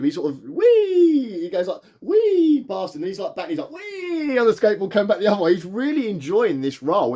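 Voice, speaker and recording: A man's voice: high-pitched, darkish tone. A man giving a casual film review, enthusiastic and rambling, with frequent restarts and fillers. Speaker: movie reviewer.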